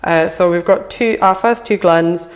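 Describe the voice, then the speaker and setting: A woman's voice: on the low side, measured pace. A woman in a casual interview, explaining at length in a chatty way, with fillers. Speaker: whisky brand representative.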